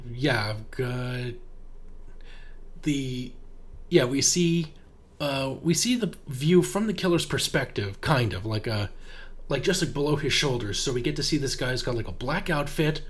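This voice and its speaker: A podcast co-host recapping a horror movie in casual chat, sarcastic and profane, with frequent giggles. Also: medium pitch.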